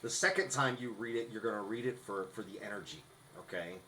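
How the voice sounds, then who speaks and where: Man, low voice, podcast co-host, instructive, light background hiss. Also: fairly quick, sharp tone, low-quality recording. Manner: instructive, restarts often. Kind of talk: casual podcast chat.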